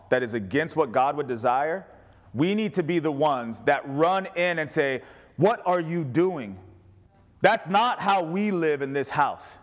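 Fervent high-voiced male preacher. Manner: fervent, emphatic preaching with repeated calls. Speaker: pastor. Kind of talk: sermon. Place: church sanctuary with a responding congregation.

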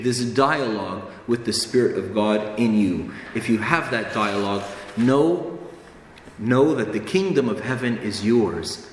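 A man's voice: medium pitch, slight background noise. A man preaching a sermon in an earnest, emphatic way, repeating phrases for stress. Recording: echoey hall with long reverb, faint ambience.

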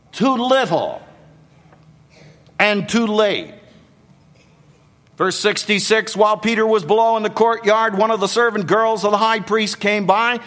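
A man's voice: high voice, fairly bright tone, big-room sound. An older man preaching a sermon, dramatically acting out the quotes in the story.

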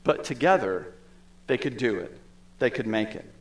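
A man's voice: medium pitch, expressive, normal speed. Man preaching a conversational sermon. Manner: conversational, with asides and laughs. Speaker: pastor.

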